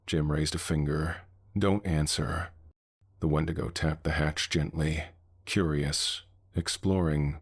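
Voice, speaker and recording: Male horror narrator, extremely deep, husky, measured and ominous. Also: flat delivery, no echo, studio quality. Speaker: horror storyteller.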